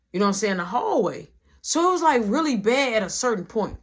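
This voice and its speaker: Husky young man telling a wild story. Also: high voice, fairly quick. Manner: animated, acts out every quote, drops to a hush for quiet scenes. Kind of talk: casual storytime vlog.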